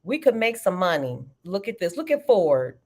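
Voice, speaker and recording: A woman's voice: fairly low pitch, big pitch swings, normal speed, warm tone. A middle-aged woman hosting a live trading stream, chatting animatedly and calling her viewers y'all. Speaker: livestream trading host. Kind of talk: casual live-stream chat.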